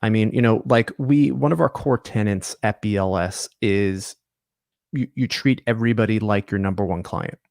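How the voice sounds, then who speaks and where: A man from Long Island, New York, telling his family business story as a guest in a relaxed, casual interview. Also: lowish voice, normal speed, vocal fry, no room sound, studio quality. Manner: relaxed, storytelling, many fillers. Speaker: guest, company executive.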